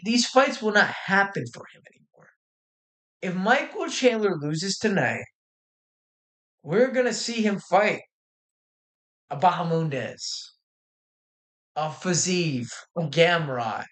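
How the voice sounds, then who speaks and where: A young man hosts a casual livestream about a fight night. His voice sits slightly high, and he talks in brash, cursing, slangy bursts, full of trash talk. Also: fairly bright tone. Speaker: livestream host.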